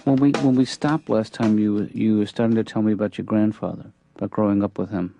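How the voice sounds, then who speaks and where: An actor voicing a calm middle-aged male therapist and father in a cartoon, mild and dry-humored. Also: lowish voice, a little fast, soft background music. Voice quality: gravelly.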